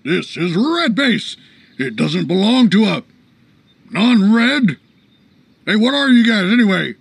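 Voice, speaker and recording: A blustering old cartoon sergeant, high rough gravelly bark, swings up and down. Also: male voice, big pitch swings, slow, no room sound, full character voice. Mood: grumpy. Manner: blustering and loud. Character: gruff old male army sergeant, bossy and cranky. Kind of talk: animated series acting.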